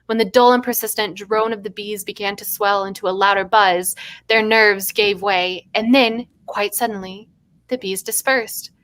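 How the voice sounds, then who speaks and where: A woman hosting a writing stream, reading her own short story aloud with animated asides and frequent laughter. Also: mid-range voice, normal speed, dry recording. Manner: animated, laughs often between passages. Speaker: writer and stream host.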